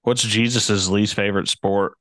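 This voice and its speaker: A man co-hosting a casual podcast, trading dad jokes and teasing his friend, quick to laugh. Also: on the low side, steady tone, fairly bright tone, dry recording, studio quality. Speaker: podcast co-host.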